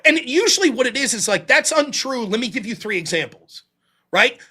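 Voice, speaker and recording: A middle-aged man from Pittsburgh talking in a loud, rapid, profane way as a guest in a casual conversation. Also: very high-pitched, big pitch swings, breathy edge. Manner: fast, loud, profane talker. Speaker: guest debater.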